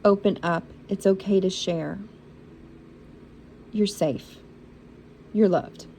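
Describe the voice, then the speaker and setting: Slow, gravelly-voiced woman intuitive reader. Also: medium pitch, mellow, slight background noise, low-quality recording. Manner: encouraging, repetitive and emotional. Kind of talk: spiritual reading for zodiac signs.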